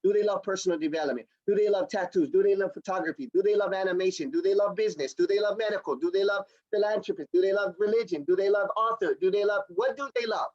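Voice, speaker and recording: Energetic salesman on a dull video-call line. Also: high-pitched, fast talker, few pauses. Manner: energetic, enthusiastic, repetitive salesman patter. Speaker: product demonstrator. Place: home or office on a video call.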